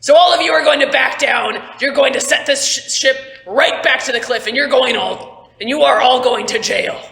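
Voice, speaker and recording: A young woman voicing a thick-headed, bigoted male militia captain in a tabletop game, shouting threats and insults. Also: extremely high pitch, moderate pace, gravelly, voice pushed up, full character voice. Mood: menacing. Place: school room. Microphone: phone. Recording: echoey room, phone mic.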